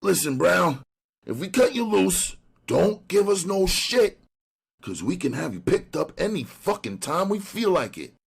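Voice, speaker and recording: A man's voice: high-pitched, sing-song, measured pace, gravelly, breathy edge, voice pushed up, heavily acted. A man voicing a hard, threatening male police detective who talks sternly. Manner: stern, menacing.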